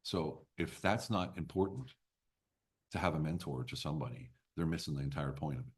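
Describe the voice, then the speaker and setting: Man, fifties, very deep voice, husky, blunt, emphatic, storytelling guest. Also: brisk. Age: 50s. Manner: blunt, emphatic, swears casually. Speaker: business coach guest. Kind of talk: podcast interview storytelling.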